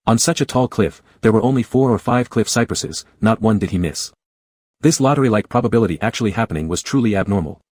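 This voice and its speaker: A man narrating a story in an even, measured audiobook reading. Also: fairly low pitch, no echo.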